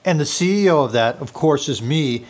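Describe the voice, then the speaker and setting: A man playing a mischievous, rocket-obsessed billionaire tycoon in a comedy sketch, using a put-on South African accent and breaking into giddy, high-pitched squeals. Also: animated, moderate pace, close to an everyday voice. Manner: scheming and giddy, bursting into high squealing laughs.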